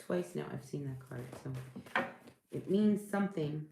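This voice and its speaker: A low-voiced woman gives a casual tarot reading, circling around her thoughts with restarts and reassurances. Her voice rings in an echoey room. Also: a little slow, vocal fry, noisy background. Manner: rambling, searching for words, reassuring. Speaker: tarot reader.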